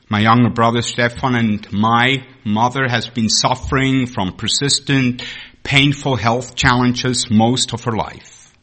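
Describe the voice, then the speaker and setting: Male pastor, sermon, slow and emphatic with bright forceful tone. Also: medium pitch. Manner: deliberate, repeats key phrases for emphasis.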